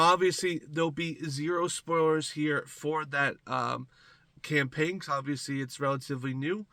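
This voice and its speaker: A man's voice: fairly high pitch, sharp tone, no echo. A man with a congested, stuffy voice, chatting casually as a gaming commentator and rambling to his viewers from a small closet. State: congested from a cold.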